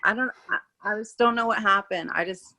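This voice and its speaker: Bright-voiced rambling woman. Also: medium pitch, brisk. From California. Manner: rambling, with many restarts and fillers. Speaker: guest. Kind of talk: casual political chat.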